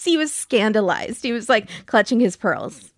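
A woman in a casual podcast chat, giggly and animated as she retells funny moments. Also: on the high side, moderate pace, no echo, studio quality. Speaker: podcast co-host.

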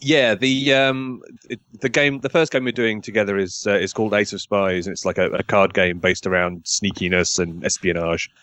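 Low-voiced man, chatty and self-deprecating. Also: fairly even intonation, moderate pace, hardly any pauses, a bit bright, no room sound. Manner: self-deprecating, rambling with many restarts. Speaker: podcast guest, game designer. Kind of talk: casual interview chat.

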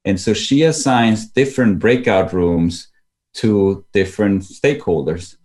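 Low-voiced man explaining teaching methods. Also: measured pace, darkish tone. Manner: thoughtful, explanatory, with restarts. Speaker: guest educator. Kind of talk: conversational interview.

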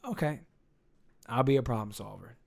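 A man's voice: mid-range voice, moderate pace, vocal fry, darkish tone. Young male co-host, dry teasing banter, mid-range voice. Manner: dry, teasing, mock-defensive. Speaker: podcast co-host. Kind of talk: casual couple chat.

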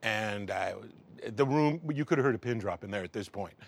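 A man's voice: on the low side, moderate pace, creaky. A middle-aged man in an interview, telling a wry anecdote and acting out the dialogue. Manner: animated, acts out dialogue, wry. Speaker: interview guest, film professional. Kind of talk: anecdotal storytelling.

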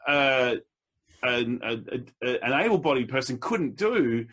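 Husky man telling stories in conversation. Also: sing-song, unhurried, a bit bright. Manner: storytelling, slips into quoted voices with pitch jumps. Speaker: public speaker. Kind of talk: casual conversation.

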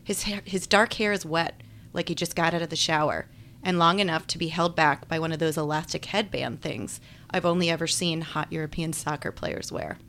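A woman's voice: deep voice, a little fast, fairly bright tone, slight background noise. A woman giving wry, chatty first-person audiobook narration. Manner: wry, chatty, self-deprecating.

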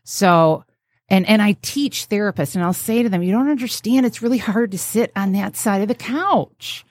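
A woman therapist from New State, telling stories in a casual podcast chat, blunt and animated, swearing freely. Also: mid-range voice, moderate pace, no room sound, clean studio sound. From New York State. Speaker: therapist guest.

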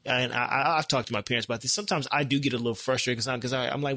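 A young American man chatting as a podcast guest, energetic and animated, laughing often and repeating words as his ideas tumble out. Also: mid-range voice, very fast, hardly any pauses, no room sound, clean studio sound. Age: young adult. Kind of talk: casual conversational interview.

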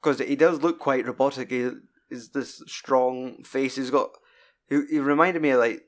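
A man's voice: mid-range voice, moderate pace. Sweary scottish guy rambling about films. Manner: sweary, rambling and animated retelling. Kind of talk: casual film chat.

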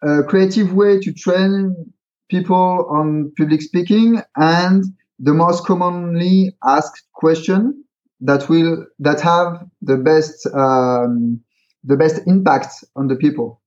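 Slow-paced and a bit mellow, this man's high-leaning voice is full of hesitation, fillers, and restarts as he explains things by example. The creator of a pitching card game, he's a guest in an easygoing interview with dull, lo-fi recording quality.

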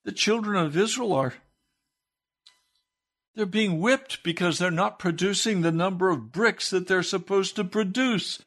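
A male pastor delivering a sermon in an unhurried, measured cadence. His voice is slightly high for a man and carries a gravelly rasp. He climbs sharply in pitch on emphatic questions. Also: fairly bright tone. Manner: preaching with wide swings in pitch, rising to emphatic high questions.

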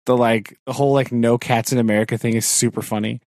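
A man co-hosting a podcast who chats about movies, lively and quick to laugh, with mock-dramatic complaints. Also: medium pitch, no echo, studio quality. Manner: animated, laughs often, exaggerated complaints. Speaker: podcast co-host. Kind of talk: casual movie chat.

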